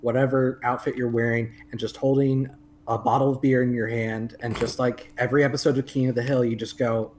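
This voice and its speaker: A mid-pitched man from Missouri talks in an easygoing, joking way on a casual podcast. A faint electrical hum sits under his voice. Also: little pitch movement, brisk, a little mellow. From Southwest Missouri. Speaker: podcast co-host. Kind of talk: casual live podcast chat.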